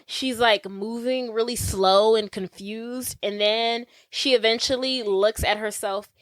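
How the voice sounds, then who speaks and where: A woman in her thirties co-hosting a podcast, casually retelling a film's plot in an animated way. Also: on the high side, a little slow, dry recording. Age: 30s. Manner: animated, acts out characters' lines. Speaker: podcast co-host. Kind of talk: casual chat retelling a film.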